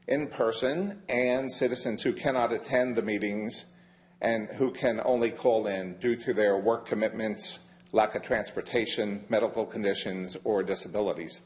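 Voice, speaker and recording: An older man giving a formal public comment at a county meeting, measured and emphatic, leaning hard on key words. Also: lowish voice. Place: county council chamber.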